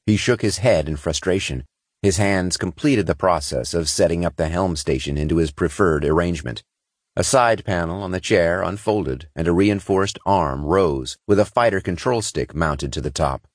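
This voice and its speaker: Man, audiobook narration, very low voice, dry studio sound. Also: moderate pace, no room sound. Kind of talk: scripted science fiction narration.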